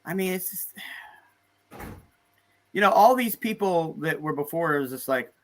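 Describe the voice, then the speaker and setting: A man's voice: fairly high pitch, expressive, unhurried, long pauses. A man co-hosting a casual news chat, asking wry, incredulous questions. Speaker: co-host.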